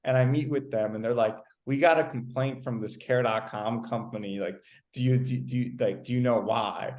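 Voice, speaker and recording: A man's voice: medium pitch, moderate pace. Young guy on a podcast, telling his story all worked up, lots of likes and restarts, plain mid voice. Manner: animated, repeats words, many "like"s, acts out quoted exchanges. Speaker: interview guest. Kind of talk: casual storytelling in an interview.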